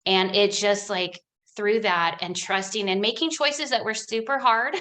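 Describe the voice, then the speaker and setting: Middle-aged woman, interview guest; candid, animated, chatty delivery, mid-pitched. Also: normal speed, gravelly. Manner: animated, chatty storytelling with frequent "like". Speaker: guest, money coach.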